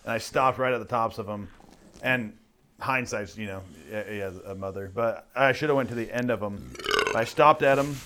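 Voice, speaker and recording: A man's voice: on the low side, moderate pace. A man hosting a podcast, telling a hunting story in casual chat and acting out what he said at the time. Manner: animated storyteller, acts out his own lines. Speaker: podcast host.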